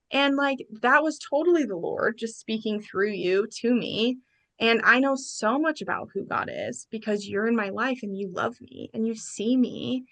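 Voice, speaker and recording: A woman, a podcast guest, telling a personal story in an animated way and quoting her friends in lively bursts. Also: a little high, unhurried.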